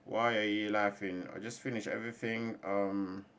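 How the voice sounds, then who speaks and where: A man streaming a mobile game live, loudly taunting other players and laughing, then muttering quietly to himself. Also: fairly low pitch, fairly even intonation, moderate pace. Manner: loud taunting trash talk with laughter, then quiet mumbling. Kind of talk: live gaming stream chat.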